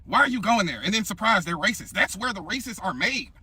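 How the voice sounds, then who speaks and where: A man gives reaction commentary in a mocking, exasperated way, his high voice leaping around. The sound is very bright and sharp, yet raspy, and dry and close. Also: animated, fast, no echo.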